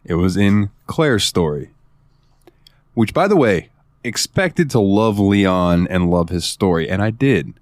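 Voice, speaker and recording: A man co-hosting a casual gaming podcast, telling stories excitedly and swearing freely. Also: low-pitched, a little slow, no echo, clean studio sound. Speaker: podcast co-host.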